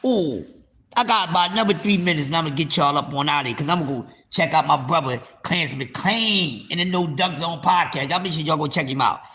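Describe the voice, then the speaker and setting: A man with a bright, forceful, somewhat high voice talks a little fast as he hosts a live stream and rants heatedly about boxing. Addressing his viewers directly as "y'all," he swears freely and repeats words for emphasis.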